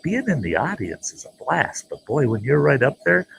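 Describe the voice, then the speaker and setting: A man telling a folksy, animated story as the host of his own show, jumping into voices for the people he quotes. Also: mid-range voice, normal speed, vocal fry, slight background noise, poor audio. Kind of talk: casual spoken storytelling.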